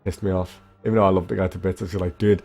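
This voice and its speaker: A man's voice: low-pitched, flat delivery, rapid-fire, gravelly, mellow, faint music behind. A young man, a speedrunner, rambling casually to his livestream chat, swearing freely and answering viewers. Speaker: speedrunner streamer.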